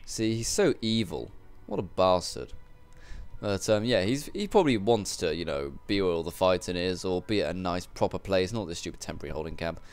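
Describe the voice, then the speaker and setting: A man's voice: deep voice, expressive, a little fast, smooth, faint music behind. A young man casually commentating a video game, joking and rambling with crude asides. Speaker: gameplay commentator. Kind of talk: casual let's-play commentary.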